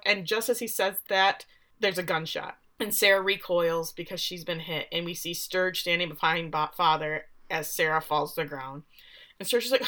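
A woman's voice: on the low side, moderate pace, sharp tone. A woman casually recapping a story on a podcast, acting out the characters' lines as she goes. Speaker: podcast co-host recapping a show. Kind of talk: casual chat.

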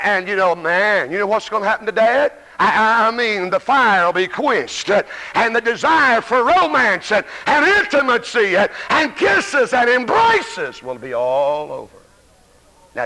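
A man's voice: high voice, bright, forceful tone. A man with a Southern American accent preaching an emphatic revival sermon to a church congregation, stammering on restarts and calling out to his listeners. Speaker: evangelist preacher. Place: church sanctuary. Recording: live church recording with long reverb.

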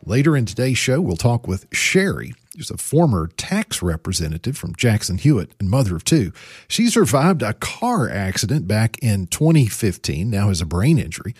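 A man hosting a podcast, introducing the episode and interviewing a guest in a friendly, lively way. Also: on the low side, normal speed, husky, no echo, clean studio sound. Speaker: podcast host.

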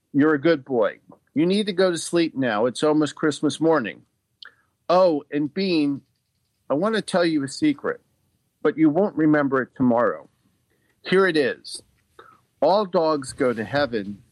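A man reading the lines of a kindly, fatherly Santa, speaking softly and reassuringly. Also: fairly high pitch, no room sound. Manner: soft, reassuring, slow and deliberate.

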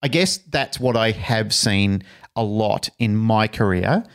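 Low-voiced man, reflective podcast talk. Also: unhurried. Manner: reflective, acts out other people's voices with animated bursts. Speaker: podcast co-host, dog trainer. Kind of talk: casual conversational podcast chat.

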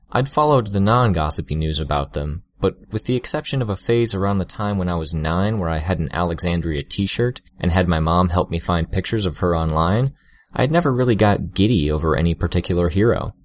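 A man narrating an audiobook in a steady first-person storytelling manner, on a close studio mic. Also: sits low, no echo.

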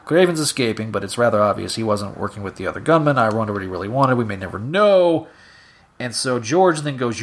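A man's voice: lowish voice, expressive, fairly quick. Man casually recapping comics. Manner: casual, filler-heavy retelling. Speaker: podcast host. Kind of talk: solo recap reading comics aloud.

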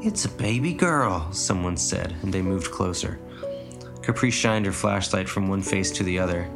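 Man, low voice, gravelly, measured story narration, faint music behind. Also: little pitch movement. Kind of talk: audiobook reading.

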